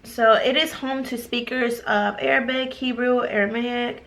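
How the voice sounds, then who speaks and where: A woman's voice: on the high side, fairly even intonation, a little slow, fairly bright tone. Chatty young woman vlogger. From United States. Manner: chatty, reads out lists of countries, laughs easily. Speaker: YouTuber. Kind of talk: casual vlog, reading results aloud.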